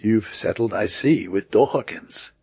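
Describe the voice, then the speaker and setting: A man's voice: lowish voice, measured pace, vocal fry, dark tone, slightly rough, no echo, heavily acted. A man voicing a blustering greedy gambler. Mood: scheming. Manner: blustering, demanding. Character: scheming adult male gambler, rude and greedy.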